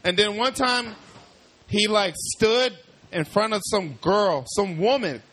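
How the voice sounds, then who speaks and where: A man chatting casually as a podcast guest, telling animated stories with plenty of swearing. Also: high-pitched, takes it slowly. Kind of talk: casual chat.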